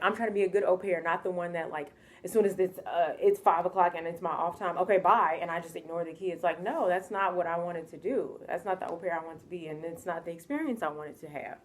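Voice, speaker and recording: A young woman from the United States telling a casual storytime vlog, animated and exasperated, acting out what people said to her. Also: fairly low pitch.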